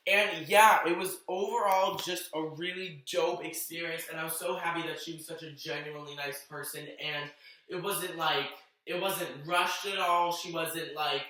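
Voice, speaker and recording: A young man from Massachusetts telling a fan meet-up story in a vlog, gushing with breathless excitement. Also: a little high, recorded from a distance. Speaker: vlogger. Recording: echoey room, off mic.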